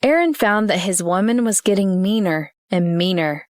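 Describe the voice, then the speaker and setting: A woman's voice: medium pitch, moderate pace, no room sound, studio quality. Woman narrating a romance audiobook. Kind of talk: scripted narration.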